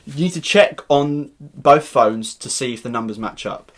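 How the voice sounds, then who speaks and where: A man co-hosting a podcast, cracking deadpan jokes in casual chat. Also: mid-range voice, normal speed. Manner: deadpan joking. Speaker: podcast co-host.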